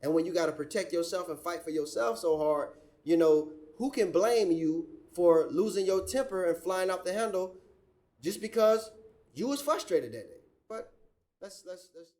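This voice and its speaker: A man's voice: sits high, lively intonation, normal speed, a little mellow. A man hosting a reaction commentary show, sarcastic and preachy, mocking others with put-on quotes.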